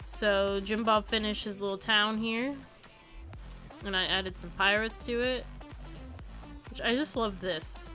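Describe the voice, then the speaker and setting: Slow, bright-voiced woman streamer. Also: medium pitch, fairly even intonation, faint music behind. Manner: chatty, giggles often. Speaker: live streamer. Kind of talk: casual game stream chat.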